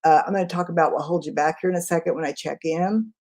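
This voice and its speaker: A woman communication trainer in a live webinar, answering chat questions in a quick, conversational way. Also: lowish voice, steady tone, a little mellow. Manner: quick, conversational, self-aware.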